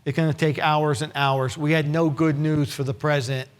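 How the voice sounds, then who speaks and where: A man's voice: a little high, level tone, normal speed, smooth. A middle-aged man giving a keynote speech, telling a vivid story with acted-out quotes and wry asides. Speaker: keynote speaker. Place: conference hall with a live audience.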